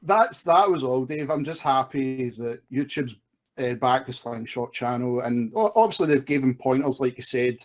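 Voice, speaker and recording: A man's voice: medium pitch, expressive, normal speed. A man with a thick Scottish accent calling in to a podcast, easygoing and rambling. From Scotland. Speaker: caller. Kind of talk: call-in podcast chat.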